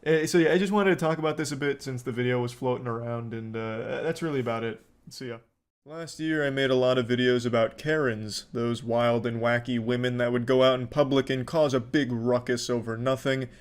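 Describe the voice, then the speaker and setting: A young man giving sardonic reaction commentary in a deadpan way, swearing a lot. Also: mid-range voice, brisk, clean tone. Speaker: commentary YouTuber.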